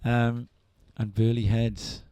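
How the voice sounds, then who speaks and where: A man's voice: medium pitch, flat delivery, slow, mellow, smooth, dry recording. A man doing live surf contest commentary, chatty and enthusiastic as he trades remarks with his co-host.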